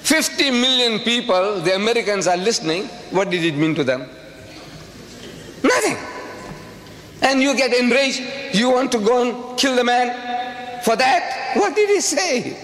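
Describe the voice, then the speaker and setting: A man's voice: very high-pitched, expressive, moderate pace, a bit bright. Emphatic man lecturing in a reverberant hall. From South Africa. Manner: emphatic, rhetorical questions, repetition. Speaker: public lecturer. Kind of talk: public lecture to an audience. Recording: reverberant hall with faint ambient noise.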